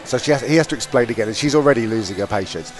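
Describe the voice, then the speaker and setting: A man's voice: medium pitch, very fast, soft background music. A man hosting a podcast, telling a story casually, laughing often and acting out what people said. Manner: animated, laughs often, acts out quotes. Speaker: podcast co-host. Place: tour bus.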